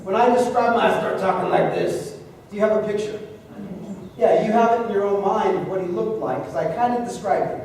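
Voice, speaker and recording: Lively male speaking coach with a high voice, working a live room, heard from a distance in an echoey hall. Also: a little fast, a little hiss or hum. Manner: lively, conversational, joking with the audience. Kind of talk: live seminar teaching to a room. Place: large hall with a live audience.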